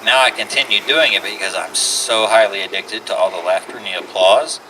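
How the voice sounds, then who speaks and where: Crude low-voiced man hosting comedy. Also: brisk. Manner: crude, wry banter. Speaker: host. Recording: distant mic, noisy room.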